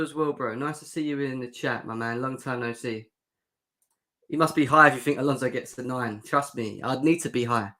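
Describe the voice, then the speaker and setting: Young guy on a fan stream, jokey and sarcastic, reading chat out loud. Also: on the high side. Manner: sarcastic, joking, reads out chat comments. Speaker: fan show host. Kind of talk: livestream football reaction chat.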